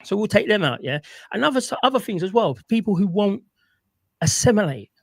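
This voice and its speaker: A man's voice: sits high, very animated, fairly quick, creaky. A man doing casual, opinionated commentary while reviewing clips, rambling and often asking "right?". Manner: rambling, repeats himself, asks "right?".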